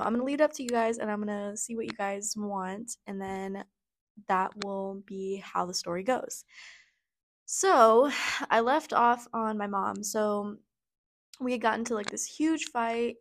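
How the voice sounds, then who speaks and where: A young woman talks casually into her own podcast, with a voice of ordinary middle pitch. She tells her story bluntly and swears freely. Her talk rambles and is full of "like" and restarts. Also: a little hiss or hum. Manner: rambling, heavy use of "like" and restarts. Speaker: podcast host. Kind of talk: casual personal storytelling monologue.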